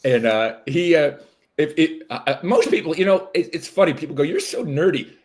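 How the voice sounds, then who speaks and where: Middle-aged comedian guy chatting, lots of uhs and restarts, voice jumps around a ton. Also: fairly high pitch. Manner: animated, halting with many fillers and restarts. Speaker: comedian guest. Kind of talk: casual interview chat.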